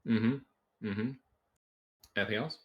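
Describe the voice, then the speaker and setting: A man's voice: lowish voice, slow pace, phone-quality sound. A man narrating as game master in a tabletop game, cracking puns and laughing at his own jokes.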